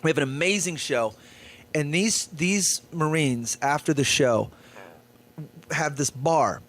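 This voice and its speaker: Male comedian co-host, slightly high pitch, animated storyteller in casual banter. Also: takes it slowly.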